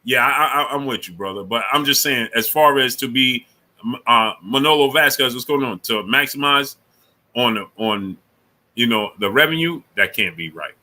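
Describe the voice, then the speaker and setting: A man's voice: mid-range voice, normal speed, sharp tone. A man hosting a casual sports talk livestream, speaking in loose slang and greeting viewers from the super chat between his takes.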